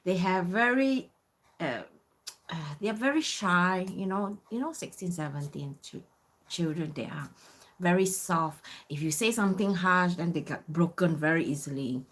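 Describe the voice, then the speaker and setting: A woman's voice: fairly low pitch, lively intonation, normal speed, a bit bright. A woman in her fifties from Singapore, casually telling a story with many "you know" fillers. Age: 50s. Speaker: vlogger.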